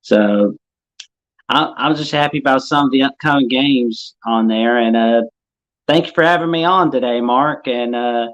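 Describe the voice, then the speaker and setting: A man's voice: mid-range voice, normal speed, lo-fi sound. A man on a video call casually chatting about college football as a guest, with lots of fillers. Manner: easygoing, filler-heavy. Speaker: guest caller. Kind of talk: casual sports chat.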